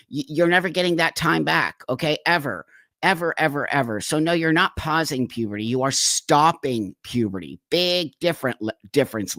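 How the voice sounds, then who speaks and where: A man's voice: mid-range voice, a bit bright, dry recording. A man hosting a reaction commentary, emphatic and heated, repeating his points. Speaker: host reacting to a clip.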